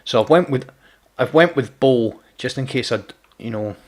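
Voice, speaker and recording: Animated and moderately paced, this man's mid-range voice carries a casual live chat as he streams a game. He teases the audience and keeps tripping over repeated words.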